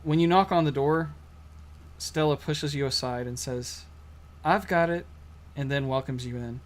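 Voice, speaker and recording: A man narrating a tabletop role-playing game as game master, casual and halting with many fillers. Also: medium pitch, level tone.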